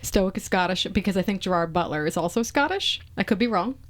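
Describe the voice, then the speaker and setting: A woman's voice: medium pitch, animated. A woman co-hosting a movie podcast in casual chat, talkative and laughing often. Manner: chatty, laughs often, quick asides. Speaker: podcast co-host.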